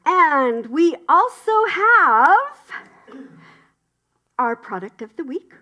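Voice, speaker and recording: At an indoor spiritual community gathering, a woman gives upbeat, chatty church announcements, cheering the news along with enthusiasm. Her high-pitched, pushed, bright voice has a sing-song lilt and drawn-out words, and the highs are cut off.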